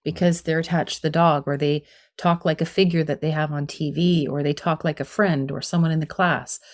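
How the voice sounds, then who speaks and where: Middle-aged female expert guest, low-pitched, earnest, explanatory, casual fillers. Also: steady tone, brisk. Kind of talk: conversational interview.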